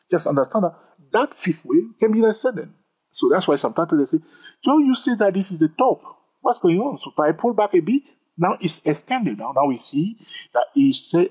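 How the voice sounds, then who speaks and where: Animated husky man teaching chart patterns. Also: fairly high pitch, muffled recording. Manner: animated, repeats himself, jokes with viewers. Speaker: trading instructor. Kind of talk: screen-recorded chart tutorial.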